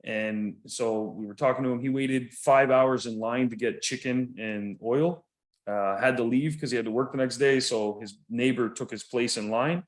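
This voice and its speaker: A Canadian man telling stories in easygoing podcast chat, his voice sitting at an ordinary middle pitch. He wanders from point to point, breaks into laughter often and drops the odd swear word. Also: normal speed. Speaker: podcast co-host. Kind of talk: casual chat.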